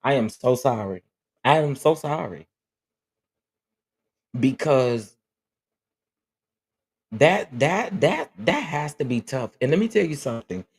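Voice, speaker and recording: Husky-voiced emotional male livestream host. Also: medium pitch, expressive, slow, pauses often. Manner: emotional, earnest, repeats himself. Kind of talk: casual livestream chat.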